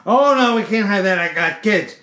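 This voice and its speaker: A man's voice: a little high, normal speed, a bit bright, reverberant, lightly acted. A man putting on the voice of a panicky, fussy wealthy homeowner who turns whiny and hysterical. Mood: fretful.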